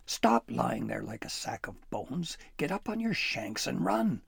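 A man's voice: medium pitch, sing-song, a little slow, gravelly, fairly bright tone, husky, no room sound, studio quality, pitched above the performer's own voice, exaggerated voice. A man voicing a small, frightened male elf who frets, scolds and pleads in a fussy, hissing way. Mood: frantic pleading.

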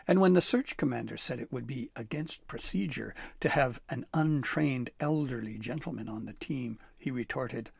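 A man narrating a storybook with an expressive, dramatic read-aloud manner. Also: medium pitch, normal speed, vocal fry, few pauses, breathy edge, dry recording.

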